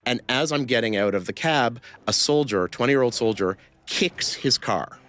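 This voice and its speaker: A man telling a personal story in conversation, halting with many fillers and restarts. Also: medium pitch, lively intonation, a bit bright, soft background music. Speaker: interview guest.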